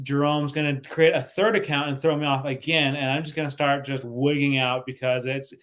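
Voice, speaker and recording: A man hosting a casual livestream, laughing often and stumbling over his words as he reads the chat. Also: mid-range voice. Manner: giggly, laughs often and breaks off mid-sentence. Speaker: livestream host.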